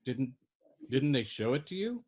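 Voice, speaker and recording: A man's voice: mid-range voice, big pitch swings, normal speed, darkish tone, a little hiss or hum, natural voice. A furious young soldier, voiced by a man reading aloud, who keeps pressing and demanding. His questions come out insistent and bitter in a storybook reading.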